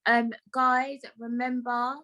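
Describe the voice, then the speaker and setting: Female podcast host, lively casual chat, salty language. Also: fairly high pitch, slow pace, rough recording. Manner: chatty, animated, swears freely.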